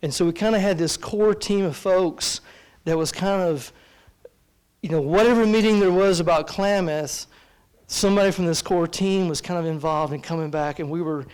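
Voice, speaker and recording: Man, southern accent, fairly high voice, casual panel talk, emphatic. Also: normal speed, a little mellow, clear, resonant tone. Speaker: speaker on a panel.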